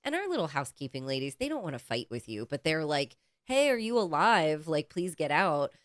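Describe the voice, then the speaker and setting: A woman with a low voice speaks close to the mic in a dry, deadened space. Her tone is smooth and clear. She tells a story in casual, animated chat, swearing freely. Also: brisk, dry recording. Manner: animated, profane, acts out quoted people. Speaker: podcast co-host.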